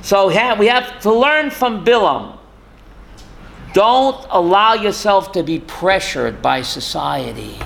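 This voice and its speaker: A man's voice: sits high, lively intonation, slow, gravelly, a bit bright. A man giving a rabbi's Torah class, emphatic, firing rhetorical questions and calling on listeners by name.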